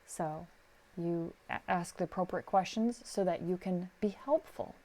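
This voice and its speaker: A middle-aged sound recordist chats casually on a podcast, offering advice and animatedly acting out the people in her stories. Her voice is on the low side and her pace is measured.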